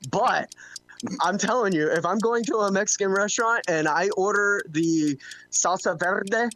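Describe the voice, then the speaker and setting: Man, co-host, slightly high voice, playful exaggerated complaints, faint background hiss. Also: moderate pace, a bit bright. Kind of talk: casual panel chat.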